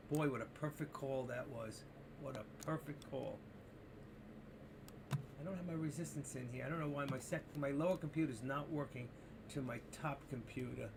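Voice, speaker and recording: A man streaming his options trades live, talking to himself and to his chat as he watches prices, swinging between excitement and frustration. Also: on the high side, vocal fry, noisy background. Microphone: desk mic through streaming software.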